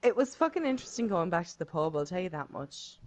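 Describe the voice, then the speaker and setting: A woman with a somewhat low voice chats on a podcast. She talks bluntly and swears in passing, in a casual, offhand tone. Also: big pitch swings, fast talker, slight background noise. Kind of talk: casual chat about a game.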